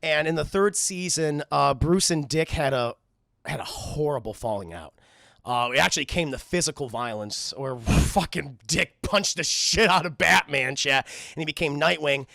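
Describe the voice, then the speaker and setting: A man's voice: on the high side, moderate pace, gravelly, no room sound, clean studio sound. A man reviewing a cartoon episode for a live chat, talking casually and animatedly with lots of swearing. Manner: animated, profane, keeps addressing chat. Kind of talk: casual spoken recap.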